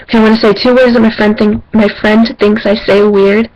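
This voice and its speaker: A woman's voice: medium pitch, flat delivery, brisk. A young Canadian woman in a casual home vlog, reading a passage aloud and then answering questions in a plain, slightly hesitant way with fillers, recorded on a camera resting on her knees. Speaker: vlogger. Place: at home, seated without a table. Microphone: camera's built-in mic, camera resting on her knees. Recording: dull lo-fi camera audio.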